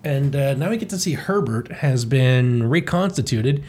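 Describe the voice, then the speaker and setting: A man's voice: mid-range voice, lively intonation, moderate pace, a little mellow, slight background noise. A man hosting a podcast, giving a rambling, irreverent comedic recap of a comic and swearing often. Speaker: podcast host.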